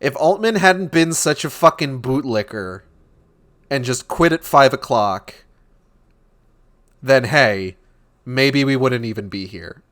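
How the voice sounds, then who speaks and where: A man's voice: mid-range voice, animated, slow, long pauses, a bit bright. A young man hosting a book club stream, reading a novel aloud and breaking in with sarcastic, profane commentary.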